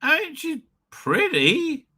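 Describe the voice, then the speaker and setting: A man's voice: very high voice, huge pitch swings, slow, bright, forceful tone. A man hosting a live stream, rambling and ranting with lots of swearing and filler words. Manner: profane, ranting, many fillers. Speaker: livestream host.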